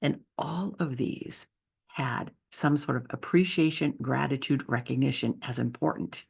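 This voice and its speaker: A woman's voice: a bass voice, a little slow, creaky, slightly rough. A woman who is a leadership speaker and author, giving an enthusiastic, conversational presentation with slides.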